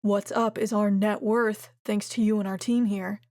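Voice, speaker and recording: A woman's voice: mid-range voice, flat delivery, moderate pace, a little mellow, no echo, studio quality, natural voice. A woman voicing a self-assured male billionaire in his thirties, breezy and cocky.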